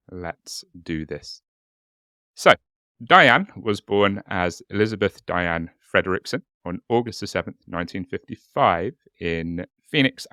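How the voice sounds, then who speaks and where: A man's voice: sits low, pushed and bright, dry recording, studio quality. A young man co-hosting a casual podcast, swearing and repeating words as he narrates a case. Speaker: podcast co-host.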